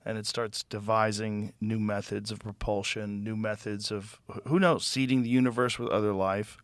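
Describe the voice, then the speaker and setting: A man's voice: fairly low pitch, flat delivery, moderate pace, clean tone, no echo. Interview host, male, laid-back and agreeable, dry sound. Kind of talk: conversational interview.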